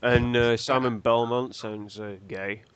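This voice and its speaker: Low smooth-voiced guy making crude jokes on a podcast, dry close sound. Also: steady tone, unhurried, no echo, lo-fi sound. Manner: jokey, crude quips. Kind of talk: casual chat.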